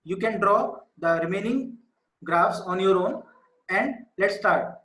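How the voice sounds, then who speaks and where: A man teaches a maths class online in a high-pitched voice. He talks patiently, repeating the key numbers as he explains. The room around him sounds echoey. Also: takes it slowly, fairly bright tone.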